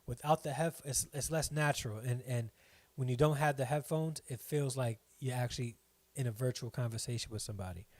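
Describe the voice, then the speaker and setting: A man's voice: medium pitch, a little fast, dry recording. A middle-aged man hosting a live stream from home, chatting casually, rambling and reading viewer comments aloud.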